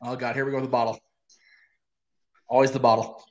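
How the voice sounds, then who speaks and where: A man's voice: mid-range voice, level tone, brisk, muffled recording. A man hosting a live wrestling watch-along, ranting bluntly with profanity and laughing often. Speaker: host.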